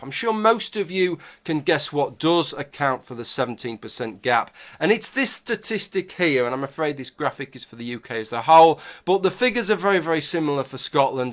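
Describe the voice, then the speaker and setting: Man, fairly high voice, emphatic commentary with wry asides. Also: fairly bright tone. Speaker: video commentator. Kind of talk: argumentative commentary.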